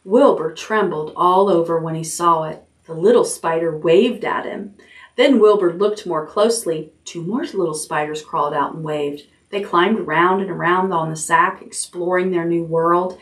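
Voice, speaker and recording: A woman librarian reading a chapter book aloud at bedtime in a gentle, expressive storytelling way. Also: on the low side, normal speed. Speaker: children's librarian. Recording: voice a little distant from the mic.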